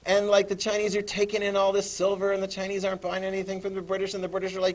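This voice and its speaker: Animated male teacher lecturing a class. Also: high voice, very fast. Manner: animated, asks the class questions, acts out voices. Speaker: history teacher.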